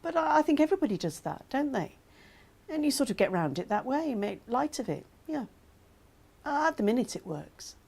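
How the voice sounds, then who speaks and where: A woman's voice: high-pitched, very animated, moderate pace, creaky, darkish tone, slightly rough, exaggerated voice. An actress playing a chatty woman with mild hearing loss who talks about it frankly and with humour. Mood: candid. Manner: chatty, self-deprecating, laughing. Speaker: actor voicing a woman's testimony. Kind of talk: scripted testimony monologue.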